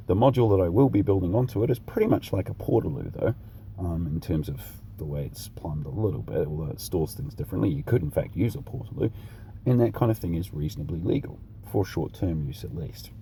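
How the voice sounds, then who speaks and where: A man's voice: sits low, mellow, a little hiss or hum. A New Zealand man with a blunt, sweary, laid-back way of talking, ranting casually in a vlog. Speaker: vlogger.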